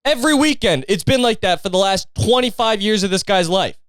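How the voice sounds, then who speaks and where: A young Canadian man hosting a podcast, ranting casually with lots of profanity and an animated, rambling delivery, recorded outdoors on a street. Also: high-pitched, fairly quick, no room sound. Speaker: podcast host. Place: outdoors in a street after a match.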